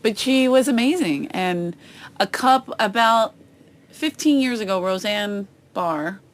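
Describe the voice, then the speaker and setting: A woman comedian chatting as a podcast guest, telling stories with lively acted-out quotes. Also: medium pitch, takes it slowly. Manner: animated storytelling, acts out quoted voices. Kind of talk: casual chat. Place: outdoors on a boat.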